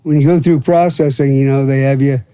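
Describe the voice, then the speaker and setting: A man's voice: medium pitch, fairly even intonation, brisk, warm tone, smooth, dry recording. A man in his seventies from Florida, telling long profane stories with lots of fillers as a podcast guest. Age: 70s. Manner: rambling, profane, full of fillers and acted quotes. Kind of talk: casual storytelling.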